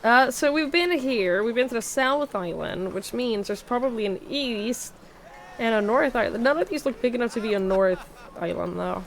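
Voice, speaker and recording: A woman's voice: on the high side, lively intonation, normal speed, slight background noise. A woman streamer with a sick voice, chatting casually and swearing while playing a game. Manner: chatty, swearing, self-mocking. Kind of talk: casual gameplay commentary.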